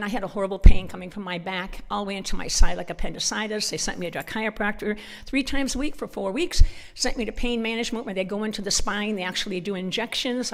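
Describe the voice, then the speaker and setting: Woman telling stories in a reverberant church hall. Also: medium pitch. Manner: animated storyteller acting out dialogue. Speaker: conference speaker. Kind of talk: humorous church talk.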